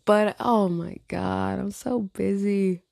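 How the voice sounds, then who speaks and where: A woman's voice: medium pitch, steady tone, slow, creaky, a little mellow, no echo, studio quality. A tired woman venting in a casual chat, blunt and profane, rambling with frequent laughs. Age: adult with a teenage niece. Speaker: vlogger.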